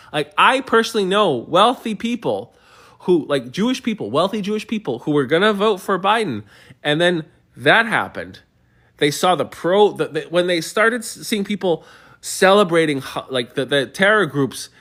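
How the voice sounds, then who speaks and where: A man's voice: a little high, bright, forceful tone. A man hosting a livestream, answering viewer comments in a heated, argumentative way with many stumbling restarts. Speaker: livestream host.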